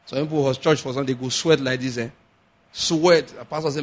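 A man's voice: mid-range voice, a little fast. A man preaching a sermon as pastor, slipping into pidgin asides and acting out little scenes. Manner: animated preaching with pidgin asides and acted-out quotes.

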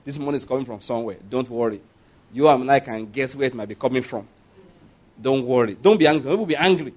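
A man's voice: medium pitch, lively intonation, a little fast. A man, preaching a sermon in a conversational way, with asides and call-and-response. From Nigeria.

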